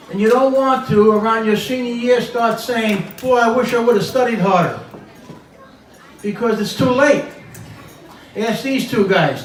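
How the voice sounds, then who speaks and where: A man giving an emphatic, motivational speech at a banquet and repeating his points for stress. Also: very high voice. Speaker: banquet speaker. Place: banquet hall. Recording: echoey hall from far off, faint ambience.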